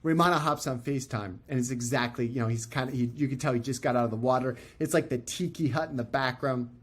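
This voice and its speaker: A man telling a story as a podcast guest, loose and animated, full of fillers and restarts, acting out the people he quotes. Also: medium pitch, fast. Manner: animated, acts out quoted voices. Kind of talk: casual storytelling.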